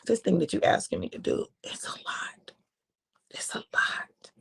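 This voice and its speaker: A woman preacher voicing an anguished young man who pleads with God, breaking into high strained cries and whispers. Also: huge pitch swings, fast talker, creaky, dark tone, husky, heavily acted. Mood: pleading.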